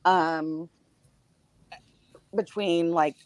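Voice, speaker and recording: Low-voiced middle-aged woman telling a story. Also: steady tone, dry recording. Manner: personal storytelling, halting with fillers. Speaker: podcast panelist. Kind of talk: casual chat.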